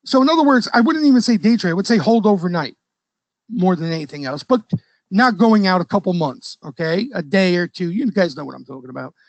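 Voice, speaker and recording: Host: high-pitched man, casual trading commentary, keeps asking "okay?", dry close sound. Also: lively intonation, brisk, no room sound, dull audio. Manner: conversational, frequent "okay?" checks, loose trader slang. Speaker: stock trading educator and host. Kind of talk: casual market commentary to a live audience.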